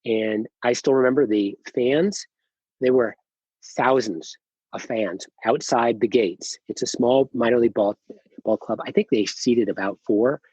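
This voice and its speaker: A middle-aged man, a company founder, telling his story as a podcast guest, animated, acting out quoted dialogue, with many fillers and restarts. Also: mid-range voice, a little slow, breathy edge, dry recording, lo-fi sound. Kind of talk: casual storytelling interview.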